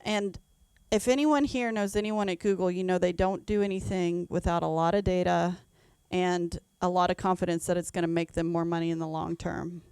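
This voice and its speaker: A woman's voice: fairly low pitch, fairly even intonation, moderate pace, few pauses, a little mellow, smooth, no echo. A woman in her thirties, an HR leader presenting a conference talk with frequent ums and self-corrections. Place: event venue.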